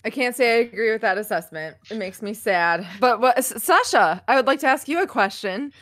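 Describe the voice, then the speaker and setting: Lively, expressive young-sounding woman. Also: on the high side, a little fast. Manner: expressive, earnest protest. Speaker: podcast panelist. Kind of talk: casual group chat.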